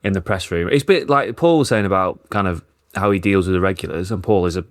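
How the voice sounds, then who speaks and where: A man's voice: deep voice, quick pace, no echo, studio quality. A man with a Northern English accent, a football journalist telling self-deprecating stories in casual podcast chat.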